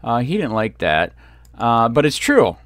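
Furious ranting man, lively pitch. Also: unhurried, dry recording, studio quality. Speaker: copwatch vlogger. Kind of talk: angry ranting commentary.

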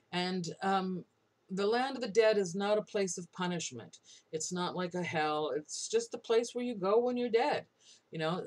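A woman lecturer retelling an old myth to a class in a casual storytelling way, with frequent ums and asides. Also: deep voice.

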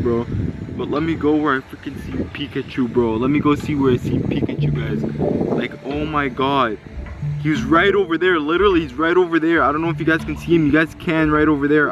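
A young man vlogging outdoors in a field, talking in excitable, slangy bursts and calling out to his viewers. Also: a little high, muffled recording. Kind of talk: casual vlog commentary. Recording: music playing loudly underneath.

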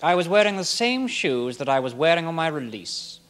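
A man's voice: a little high, very animated, normal speed, fairly bright tone. An actor playing a defensive nobleman on trial, giving short, clipped answers under cross-examination. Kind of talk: broadcast courtroom drama.

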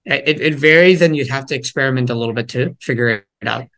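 A man's voice: medium pitch, fast, a bit bright. A man giving a casual talk to parents on listening to children, acting out little exchanges between parent and child as he goes. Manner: conversational, acts out parent and child quotes. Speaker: parenting workshop speaker.

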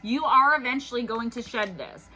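A woman's voice: on the high side, normal speed, sharp tone, rough recording. A woman giving an intuitive tarot reading in an earnest, urging way, her voice worn from reading all day. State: losing her voice. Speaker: tarot reader.

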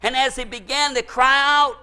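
Male pastor, very high bright voice, fervent sermon with shouted bursts of praise. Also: steady tone, normal speed, clean tone. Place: church service.

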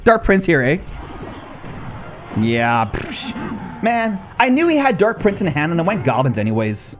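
A man hosting a gaming video, giving live gameplay commentary with excitable shouted reactions and teasing banter at his opponent. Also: high voice, brisk.

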